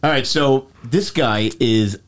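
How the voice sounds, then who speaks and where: A man's voice: mid-range voice, slow pace. A man with a Brooklyn accent co-hosting a podcast, telling stories and mimicking other people's voices. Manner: animated storyteller who mimics others' voices. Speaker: podcast co-host. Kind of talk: casual chat. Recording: small studio.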